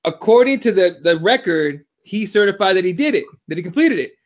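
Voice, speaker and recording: Excitable, profane man with a high voice. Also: brisk. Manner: profane, excitable, animated storytelling. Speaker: podcast co-host. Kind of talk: casual podcast chat.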